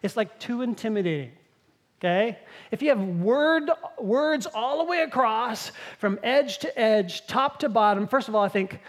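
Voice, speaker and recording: A woman preaching a sermon, telling Bible stories in a lively way and acting out the quoted lines. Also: fairly high pitch, moderate pace.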